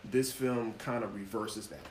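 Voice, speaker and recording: A man's voice: on the low side, a little slow, echoey room, a little hiss or hum, poor audio. A man, a guest actor and author, talks casually in an interview and tells stories with many fillers. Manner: relaxed, storytelling, many fillers.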